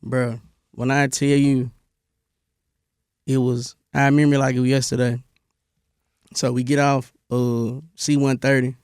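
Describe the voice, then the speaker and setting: A young man from Memphis, telling his army stories in a relaxed interview, with a lot of "bro" and many restarts. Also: medium pitch, a little slow, pauses often, clear, resonant tone, no room sound, studio quality. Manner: laid-back storytelling, lots of "bro" and restarts. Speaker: interview guest, army veteran. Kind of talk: casual interview.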